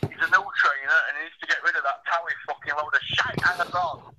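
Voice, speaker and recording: A man's voice: on the high side, fairly even intonation, fast talker, background noise. A man calling in by phone, ranting about boxing in blunt, sweary, numbered points. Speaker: phone-in guest. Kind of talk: profane boxing rant. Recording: tinny phone line.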